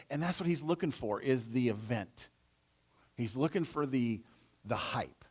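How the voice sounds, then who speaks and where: A man's voice: mid-range voice, animated, moderate pace, husky. A male pastor teaching through a Bible passage in a conversational way, retelling it in casual everyday slang.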